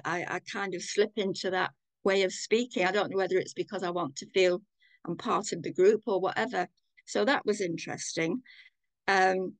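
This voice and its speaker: An older woman with a Manchester accent, giving a thoughtful, measured personal account on a video call. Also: fairly low pitch, creaky, no echo. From England. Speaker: community participant.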